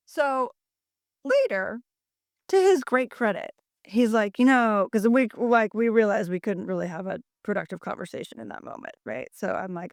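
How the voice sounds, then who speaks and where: A woman's voice: mid-range voice, animated, moderate pace, dry recording. Woman, middle-aged, podcast co-host, casual chatty storytelling, filler words, dry close sound. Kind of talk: casual chat.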